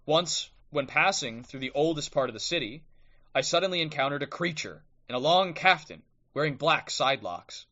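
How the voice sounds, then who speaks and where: A man's voice: fairly high pitch, animated, normal speed, bright, forceful tone, lo-fi sound. A man hosting a livestream, talking bluntly and combatively, often tagging "okay?", then reading aloud from a book. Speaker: livestream host. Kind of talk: ranting live commentary and book reading. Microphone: streaming microphone.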